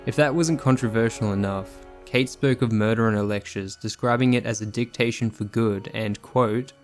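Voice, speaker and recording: A man reading a scripted true crime narration in a measured, sombre manner. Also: fairly low pitch, faint music behind.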